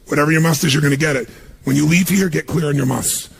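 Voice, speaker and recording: A man giving a motivational seminar talk on stage, energetic and punchy, firing questions at a live audience. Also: fairly high pitch, fast talker, vocal fry, slight background noise. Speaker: motivational speaker.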